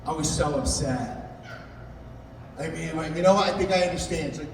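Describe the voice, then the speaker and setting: Young male comic, high voice, live set, booming hall reverb. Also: brisk, long pauses. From Italian-American family. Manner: animated, voices jumps up high and shouts in quoted outbursts; crowd work, teasing audience members. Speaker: stand-up comedian. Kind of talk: stand-up comedy set. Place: live comedy venue with audience. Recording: echoey hall recorded from far off, audience noise.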